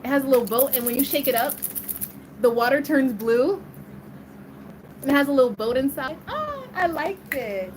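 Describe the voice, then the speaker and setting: A woman's voice: sits high, fairly even intonation, a little fast, long pauses, slight background noise, poor audio. A woman in her twenties casually telling a story to the camera, laughing often and acting out the voices of the people in it. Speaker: vlogger.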